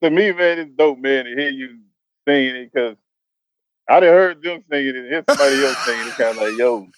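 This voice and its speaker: A man's voice: mid-range voice, a little fast, dry recording, poor audio. A man guesting on a podcast, talking in a laid-back, slangy way and laughing easily. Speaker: guest musician. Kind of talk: casual interview chat.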